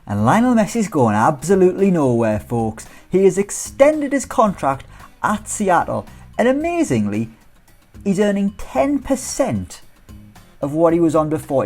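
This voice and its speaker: A man's voice: a little high, darkish tone. A British man giving casual, jokey commentary on a football management game, with chatty self-teasing asides. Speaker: gaming YouTuber.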